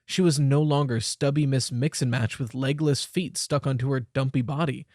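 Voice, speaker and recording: A young man reading a story aloud with measured, expressive delivery. His voice sits in the middle range. The recording is dry and close-miked, with no room echo. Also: medium pitch. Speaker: audiobook narrator. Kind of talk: scripted narration.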